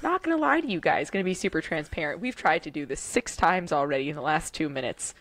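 A woman's voice: sits low, animated, fast, a bit bright, no room sound. A woman co-hosting a podcast, talking in a bubbly, chatty and self-deprecating way. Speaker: podcast co-host. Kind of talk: casual podcast chat.

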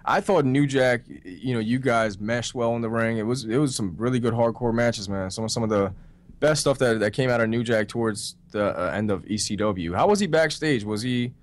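A man's voice: medium pitch, brisk. A man hosting a podcast, asking questions in a laid-back, casual way and swearing freely. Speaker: podcast host. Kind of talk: casual interview chat.

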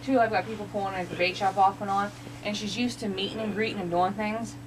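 A woman's voice: steady tone, fast, very noisy. Chatty woman training her dog outdoors. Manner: chatty, explaining with examples, acts out the dog's greetings in a high voice. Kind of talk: casual vlog narration. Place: outdoors near a bait shop.

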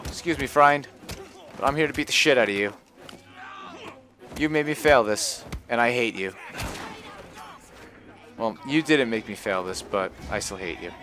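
A man giving live gameplay commentary on a stream, often frustrated and cursing with loud outbursts. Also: mid-range voice, moderate pace, pauses often. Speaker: gaming livestreamer.

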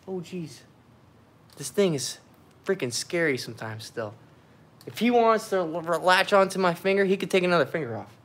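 A man's voice: fairly high pitch, animated, moderate pace, fairly bright tone. A man from the United States chatting casually on a live stream from his home and backyard, swearing freely and talking to his animals. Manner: loose, swearing, talks to animals and chat. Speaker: pet keeper streaming live.

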